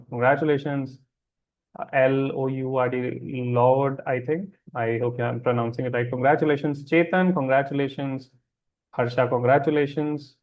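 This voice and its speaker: This mid-range male voice comes through dull audio. He hosts a wellness webinar live, taking questions from the chat in a reassuring manner and returning again and again to check-in questions to make sure listeners keep up.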